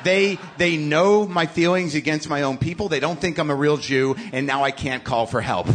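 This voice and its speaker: A middle-aged man hosting a live podcast, telling a profane, exasperated comic story in sudden loud bursts. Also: a little high, normal speed. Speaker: podcast host. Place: live stage show. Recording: live venue with faint noise.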